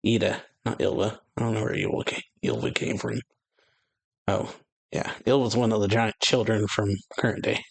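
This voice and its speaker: A man's voice: on the low side, fairly even intonation, moderate pace, creaky, slightly rough. A man hosting a reaction channel, reading a manga chapter aloud in casual chat, stumbling and correcting himself, chuckling at his slips. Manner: reads aloud with frequent restarts and self-corrections. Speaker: anime reaction channel host. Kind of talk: casual manga read-through.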